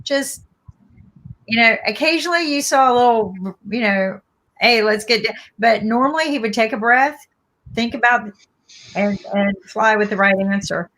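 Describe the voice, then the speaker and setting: A woman with a Southern US accent giving her opinions in a casual political chat, animated and quick to restart her sentences. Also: on the high side.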